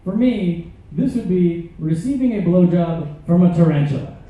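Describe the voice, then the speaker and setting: A man's voice: high voice, lively intonation, normal speed, warm tone. A man performing stand-up comedy on stage, telling absurd jokes with hesitant fillers, caught by a camera far from the stage. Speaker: comedian and musician. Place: large ship theater. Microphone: stage mic heard from a distant camera. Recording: echoey, distant, tinny audience recording.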